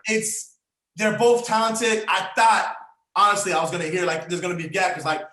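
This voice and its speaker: High-voiced, bright American podcast co-host. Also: male voice, a little fast, echoey room. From United States. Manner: animated, slangy, emphatic. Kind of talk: casual podcast chat.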